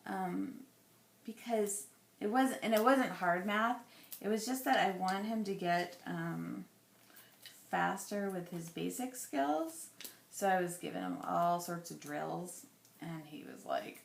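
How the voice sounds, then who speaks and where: A woman in her thirties, chatty and rambling as she thinks aloud while scrapbooking, her voice going a little hoarse. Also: on the low side, slow pace, reverberant, a little hiss or hum. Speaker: scrapbooking vlogger. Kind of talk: casual crafting chat.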